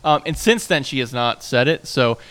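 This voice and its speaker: Outside, landscaping work is audible while a man in his thirties co-hosts a casual podcast chat. His mid-range voice is animated, smooth and a bit bright at normal speed, and he rambles with many fillers and restarts.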